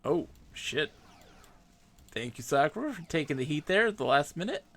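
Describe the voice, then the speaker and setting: A man's voice: on the high side, sing-song, moderate pace, fairly bright tone. A man streaming a game live, chatting casually and reading the game text aloud. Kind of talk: casual gameplay commentary.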